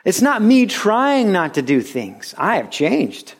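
A man's voice: sits high, slow pace. A man preaching a sermon as pastor, telling stories and acting out quotes. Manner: animated storytelling with acted-out quotes. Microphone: radio broadcast of a recorded sermon.

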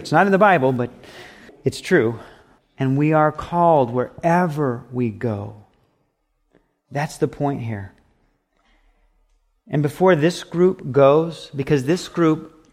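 A man preaching a sermon as pastor, emphatic and repetitive, with acted asides. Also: fairly high pitch.

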